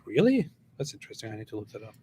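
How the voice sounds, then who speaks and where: Relaxed middle-aged man chatting live. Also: lowish voice, rapid-fire, slight background noise. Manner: easygoing, thinks aloud and repeats himself. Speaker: livestream co-host. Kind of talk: casual chat on a live stream.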